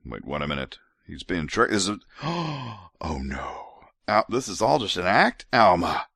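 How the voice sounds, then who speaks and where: A man's voice: deep voice, measured pace, vocal fry, husky, dry recording, studio quality. A tipsy man hosting a podcast, joking wryly through scripture commentary. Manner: joking, wry, animated asides. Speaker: podcast host.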